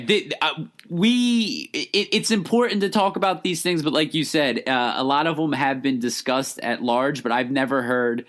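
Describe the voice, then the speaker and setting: Laughing, animated podcast co-host man. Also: mid-range voice. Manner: laughs often, rambling with restarts. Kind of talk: casual chat.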